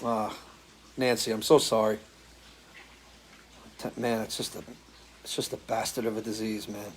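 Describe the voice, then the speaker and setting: A man's voice: lowish voice, flat delivery, normal speed, a little hiss or hum. A man hosting a live stream as a musician, chatting casually and answering viewer comments, loose and swearing freely. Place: home, living in Florida.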